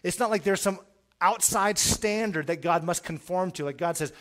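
Man, middle-aged, preacher, sermon, earnest, slightly high voice, repeats words, loud and soft swings. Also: moderate pace. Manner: earnest, preaching with sudden loud rises and quiet drops; repeats words at the start of phrases.

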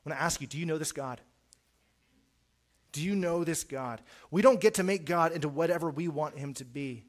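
A middle-aged man preaching a sermon in an earnest way, repeating words as he starts phrases and swinging from quiet to loud. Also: fairly high pitch, fairly quick.

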